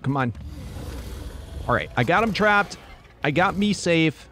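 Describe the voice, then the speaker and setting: A man's voice: fairly high pitch, animated, a little slow, pauses often, a bit bright, soft background music. A man giving live gameplay commentary, swinging between frantic yelps and muttered groans. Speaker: gameplay streamer.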